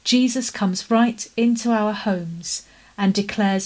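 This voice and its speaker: Brief: soft-spoken woman preacher, mid-range voice, calm and unhurried. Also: mid-range voice. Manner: gentle, measured, slowing into soft prayer. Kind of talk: sermon.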